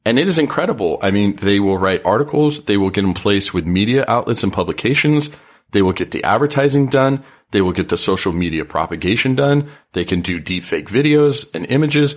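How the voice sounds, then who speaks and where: A man being interviewed on a podcast, speaking earnestly and at a measured pace. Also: on the low side, expressive. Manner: earnest, measured, many "you know" fillers. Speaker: podcast guest. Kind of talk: casual interview talk.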